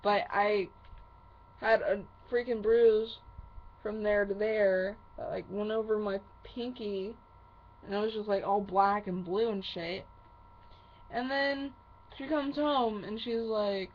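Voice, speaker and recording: Woman vlogger, angry profane rant, slow and halting, muffled lo-fi audio. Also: medium pitch, steady tone, slight background noise. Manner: heavy swearing, slow halting phrasing. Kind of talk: angry venting monologue to camera.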